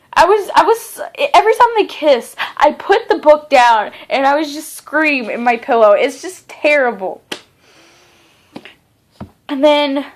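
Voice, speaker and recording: A young woman reviewing a novel in a casual vlog, gushing and excitable, full of fillers and restarts. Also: high voice. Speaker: book reviewer.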